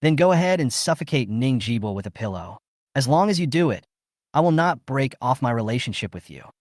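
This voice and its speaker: A man's voice: mid-range voice, very animated, a little fast, darkish tone, no room sound, clean studio sound. A man voicing a cold, contemptuous young man who sneers at his mother in a storybook recap. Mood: cold, sneering. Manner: icy and contemptuous.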